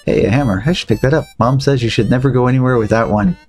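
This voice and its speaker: A man voicing a spunky young girl heroine in a game, with quick excited lines. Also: medium pitch, husky, faint music behind, natural voice. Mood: plucky.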